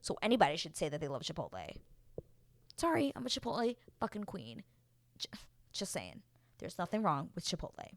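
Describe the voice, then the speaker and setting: A woman giving a casual TV recap, chatty and expressive, who swears freely and acts out what people said. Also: on the low side, brisk, long pauses, no room sound. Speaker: TV recap vlogger. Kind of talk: casual reality-show recap.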